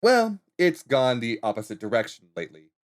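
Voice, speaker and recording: A man's voice: mid-range voice, very animated, fairly quick. A man in casual chat on a talk show, explaining internet trends in an upbeat way and laughing often. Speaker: guest internet trends reporter.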